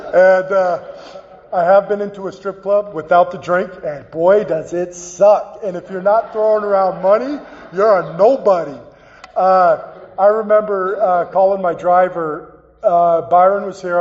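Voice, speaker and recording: A man giving a personal, earnest recovery talk as a guest speaker, halting and repeating phrases as he tells his story. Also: on the high side, darkish tone. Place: meeting hall. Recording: dull, echoey hall recording.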